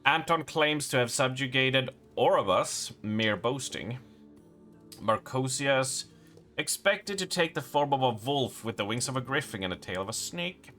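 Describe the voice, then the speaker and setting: Bright, animated male streamer reading game text aloud and chatting to viewers, with faint game music behind. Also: medium pitch, a little slow. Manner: chatty, talks to chat, reads in-game letters aloud.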